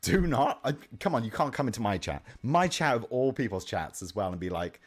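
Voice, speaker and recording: Chatty young man, lively pitch. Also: a little fast, hardly any pauses. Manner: chatty, reads and answers chat, swears casually. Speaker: streamer. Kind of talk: casual live-stream chat. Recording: faint music in the background. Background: faint music.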